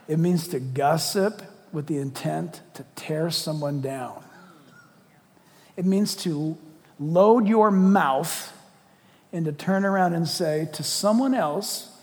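A man with a high voice preaches a lively sermon, jumping between earnest exhortation and playful, acted-out asides. His voice rings out through a large hall with a long, trailing reverb. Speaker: pastor.

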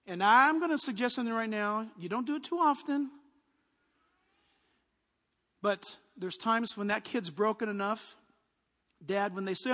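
High-voiced forceful man preaching. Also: moderate pace, in a large hall. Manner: forceful, punchy preaching with lists and asides. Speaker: pastor. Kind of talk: sermon.

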